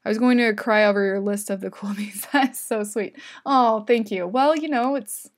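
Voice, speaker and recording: A woman's voice: medium pitch, moderate pace. A woman hosting a casual livestream from home, chatting in a giggly way and reading viewer comments aloud. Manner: chatty and giggly, with many fillers.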